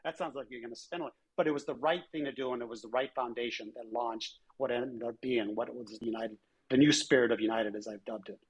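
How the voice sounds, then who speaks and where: An older man with a husky, slightly breathy voice tells stories in a relaxed interview. He restarts often and slips into quoted voices as he talks. His pitch sits in an ordinary middle range. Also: brisk, rough recording. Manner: animated storyteller with frequent restarts and quoted voices. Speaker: former airline chief executive, interview guest. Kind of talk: conversational interview storytelling.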